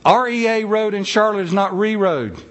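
Folksy North Carolina man, higher voice. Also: steady tone, fairly bright tone. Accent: North Carolina Southern. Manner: folksy, self-deprecating, drawn-out syllables. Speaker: speaker giving a talk. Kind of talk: humorous storytelling talk.

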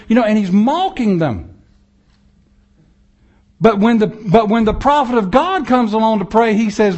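High-voiced man preaching a lively sermon. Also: a little fast, dull audio. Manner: animated preaching, acting out prayers and mocking voices. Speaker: pastor.

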